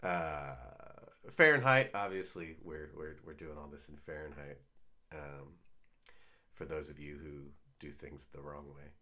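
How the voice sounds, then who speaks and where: Low-voiced joking male podcast co-host. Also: unhurried. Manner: jokey, sarcastic, trailing off quietly. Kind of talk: casual podcast chat.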